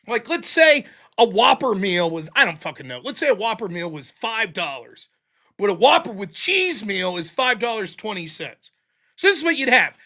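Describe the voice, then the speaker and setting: A man hosting a live stream, spinning casual stories full of swearing. His voice is bright and forward, and his pitch swings widely as he acts out old arguments. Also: normal speed. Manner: profane, animated, yelling in retold quotes. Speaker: livestream host. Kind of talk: casual storytelling.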